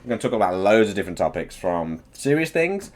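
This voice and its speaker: Young male streamer host, deep but animated, loose and sweary, full of hype for chat. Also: fast talker. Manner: excitable, swearing, hyping up chat. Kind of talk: casual live-stream chat.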